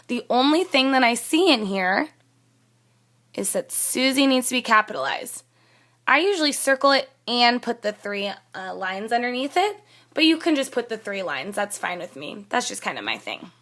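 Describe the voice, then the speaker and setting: A young woman teacher walks through a student's essay, reading passages aloud in a fairly high voice. She then explains each correction patiently and plainly, as in a classroom demonstration. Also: a bit bright. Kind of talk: classroom demonstration of peer editing.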